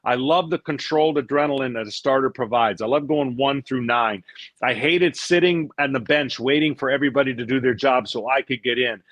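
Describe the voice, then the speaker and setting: A middle-aged man, a former pitcher, telling stories in a casual interview; he acts out what people said and often repeats words as he goes. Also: fairly quick, dry recording. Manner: animated storyteller, acts out quotes, repeats words.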